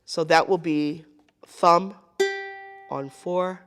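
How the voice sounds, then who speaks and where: A woman's voice: lowish voice, fairly even intonation, very slow, music in the background. A woman teaching a live group ukulele lesson, counting beats aloud and checking in with the class. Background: ukulele playing.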